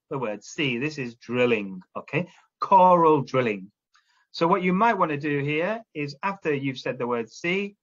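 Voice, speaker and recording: His fairly high pitch and fairly bright tone come through with the highs cut off as he instructs teachers. The man explains classroom drilling step by step, checking in regularly with "okay?".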